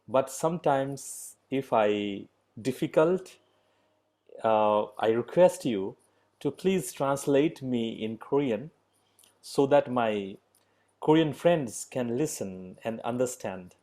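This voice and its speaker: A middle-aged man leading an online yoga class, speaking slow, halting English with many pauses and fillers. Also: medium pitch, lively intonation, mellow. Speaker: yoga teacher.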